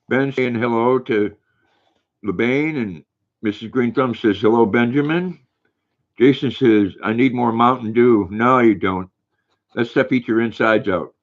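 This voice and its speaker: An older man hosting a casual livestream, reading viewers' comments aloud in a relaxed, folksy way. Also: mid-range voice. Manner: relaxed, folksy, reads viewer names and messages. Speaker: livestream host. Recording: dull lo-fi stream audio.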